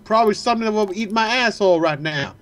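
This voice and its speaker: A man's voice: high-pitched, fast talker, fairly bright tone. A man reading game text aloud in a mock southern country drawl, cracking crude jokes with a friend. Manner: crude, jokey. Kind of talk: casual gaming banter and dramatic reading.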